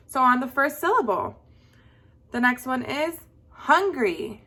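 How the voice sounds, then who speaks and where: A woman's voice: high voice, animated, measured pace, bright, forceful tone. A young woman teaching a lesson to young children, drawing out words in a sing-song voice for them to echo. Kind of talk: slow, patient classroom lesson for young children.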